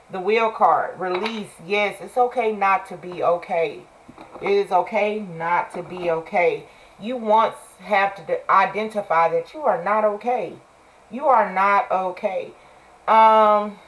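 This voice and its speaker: A tarot reader in her forties gives a casual reading, speaking candidly and bluntly, cursing freely and repeating phrases for emphasis. Her voice is medium in pitch, and the audio quality is poor.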